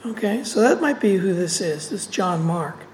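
A woman's voice: mid-range voice, animated, normal speed, a little mellow, a little hiss or hum, low-quality recording. Lady doing bible study, reads a verse then chats about it, little jokes thrown in. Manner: explains verses between readings, asides and quips. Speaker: Bible teacher. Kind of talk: conversational Bible teaching.

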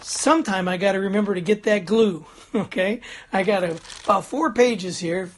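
A man's voice: high voice, moderate pace, a little hiss or hum. An older man pastor giving a folksy sermon, chatty and chuckling, standing before a congregation and checking in with them after each point. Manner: chatty, chuckles, frequent "Amen?" and "Okay?" check-ins.

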